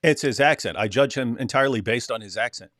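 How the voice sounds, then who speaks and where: A man's voice: medium pitch, fast, fairly bright tone, no echo, clean studio sound. A man co-hosting a casual livestream chat, rambling and laughing as he talks. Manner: rambling, laughing, mock accents. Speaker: co-host.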